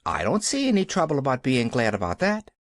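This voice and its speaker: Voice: mid-range voice, wildly swooping pitch, fairly quick, no echo, studio quality. A reader voicing an eager, cheerful little orphan girl. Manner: bright, eager, upbeat.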